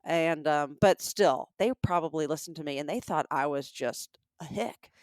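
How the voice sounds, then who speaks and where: A woman's voice: deep voice, moderate pace, no room sound, studio quality. A woman with a Southern US accent, co-hosting a comedic podcast and telling stories in a chatty way with frequent ums. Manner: chatty storyteller, trails off with ums. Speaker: podcast co-host. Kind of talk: casual comedic chat.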